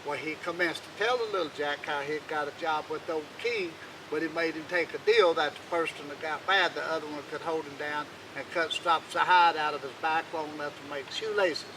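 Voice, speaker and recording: A man telling an old folk tale in a folksy, unhurried, dialect-rich way. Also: fairly high pitch, background noise. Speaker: storyteller.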